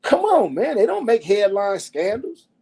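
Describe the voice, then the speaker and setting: Middle-aged male guest, husky and mellow, raucous storyteller who mimics the people he quotes. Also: measured pace, rough recording. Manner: animated and profane, acting out quotes with big pitch swings. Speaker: podcast guest. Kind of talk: casual storytelling.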